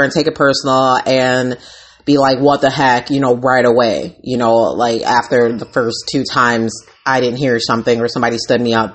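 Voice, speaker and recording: Raw, candid woman podcaster. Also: low voice. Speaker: podcast host and life coach. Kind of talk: casual motivational talk.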